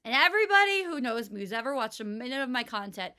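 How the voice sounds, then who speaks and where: A woman's voice: fairly high pitch, big pitch swings, fast, sharp tone. A young woman co-hosting a casual podcast chat, giggly and opinionated with a playful manner. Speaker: podcast co-host.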